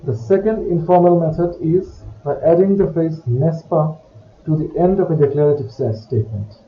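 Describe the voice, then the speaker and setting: A man with a slightly high voice explains French grammar step by step, in a careful teaching manner. The sound is dull, with a roomy echo and faint background hiss. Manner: slow, careful, explanatory delivery. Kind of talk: recorded grammar lesson.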